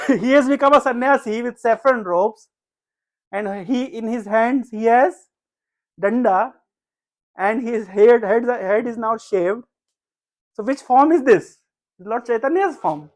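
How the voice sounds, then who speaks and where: A man's voice: extremely high pitch, slow, long pauses. Earnest man telling a devotional story. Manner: earnest, conversational, with many fillers and restarts. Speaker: speaker at a devotional house program. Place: home gathering.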